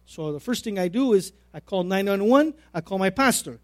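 A middle-aged man preaching a sermon, telling a personal story with repeated phrases and big swings between loud and quiet. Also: high-pitched, lively intonation, moderate pace, no echo.

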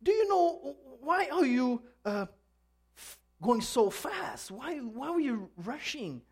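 A man playing a stern male highway police officer in a sermon story, questioning and matter-of-fact. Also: big pitch swings, slow pace, breathy edge, exaggerated voice.

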